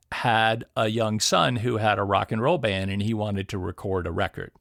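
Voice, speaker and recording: A middle-aged man, a guest audio producer, telling stories in a casual, animated interview. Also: fairly low pitch, vocal fry, no room sound, studio quality. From Detroit area, USA. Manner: animated storyteller, laughs easily.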